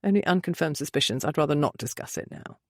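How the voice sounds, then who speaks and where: A woman voicing a calm, commanding older male duke who speaks flatly and with dry authority. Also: sits low, fast, dry recording, voice pushed down.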